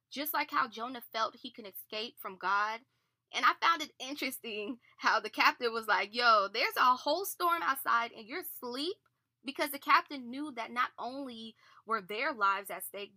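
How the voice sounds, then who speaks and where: Woman doing a chill devotional talk, bright kinda high voice, says y'all a lot, dry sound. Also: dry recording. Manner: expressive, conversational, addresses listeners as y'all. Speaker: devotional podcast host. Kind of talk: casual devotional reflection and Bible reading.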